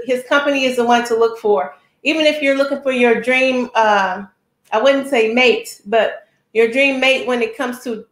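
A woman hosting a talk show, giving an energetic, chatty introduction and often asking her listeners "right?". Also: high-pitched, echoey room. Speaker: show host.

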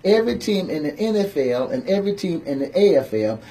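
A man's voice: on the high side, very animated, fairly quick, warm tone. A man with a Southern American accent co-hosting a radio show, bantering playfully and repeating himself for emphasis. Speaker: radio co-host. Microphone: studio microphone.

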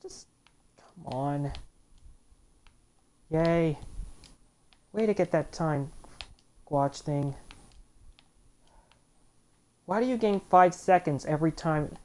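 A woman's voice: sits low, slow pace, pauses often, dark tone. Exasperated gamer woman grumbling at gameplay. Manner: exasperated, grumbling at the game with sudden outbursts. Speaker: let's play gamer. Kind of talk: casual gameplay commentary.

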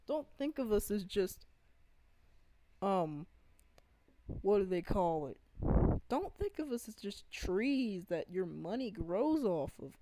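A woman's voice: mid-range voice, mellow, slight background noise, rough recording. A woman in an unscripted gaming rant, earnest and pleading, often stopping to restart her sentences. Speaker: gaming vlogger.

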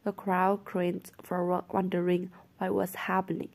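A woman narrating a novel aloud in a soft reading voice that turns whispery at times. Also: fairly low pitch, completely flat delivery, a little slow, vocal fry.

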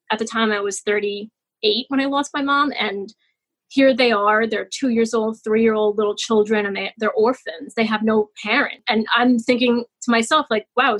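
A woman's voice: a little high, fairly bright tone, breathy edge, rough recording. A woman in her forties, a podcast guest and children's author, telling a personal story in a chatty, emotional way with many fillers and restarts. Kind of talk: casual interview storytelling.

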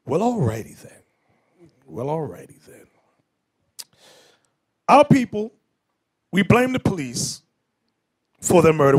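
A man preaching as a bishop, his voice set a touch high and swinging widely in pitch. He teaches in an emphatic lecture style and breaks off into off-the-cuff asides.

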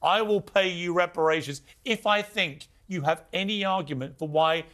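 A man's voice: high-pitched, moderate pace, a bit bright. A man hosting a heated studio debate, combative and cutting in with pointed, repeated questions. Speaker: talk show host.

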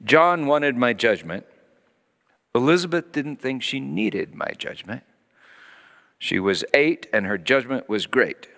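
A middle-aged man preaches in a large church, his voice on the higher side and swinging hugely between excited outbursts and near-whispers. He acts out voices as he tells the story. A long reverb trails every phrase. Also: smooth. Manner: animated storytelling, acting out voices, dropping to hushed tones. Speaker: pastor. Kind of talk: sermon.

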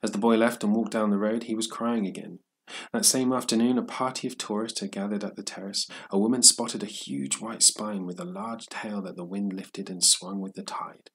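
A man reading a story aloud in a steady, measured narration for English learners. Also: fairly low pitch, creaky, slightly rough.

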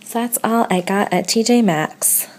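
A woman's voice: mid-range voice, unhurried, a little mellow. A woman chatting casually about her shopping haul, upbeat about her bargains. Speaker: beauty vlogger.

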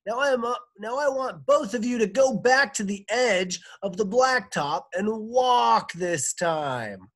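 A man's voice: sits high, animated, measured pace, few pauses, fairly bright tone, pitched above the performer's own voice, heavily acted. A man voicing a strict male playground supervisor in a read-aloud storybook. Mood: stern.

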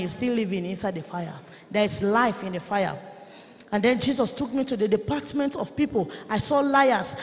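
Fervent woman preaching in a hall. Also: sits high. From Nigeria. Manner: fervent, pleading, often shouting and tearful. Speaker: preacher giving testimony. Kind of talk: impassioned sermon testimony. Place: church conference hall. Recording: reverberant hall.

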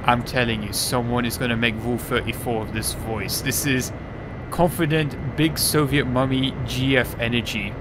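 A man's voice: medium pitch, noisy background. A man streaming a game, giving casual, joking commentary that is irreverent and profane.

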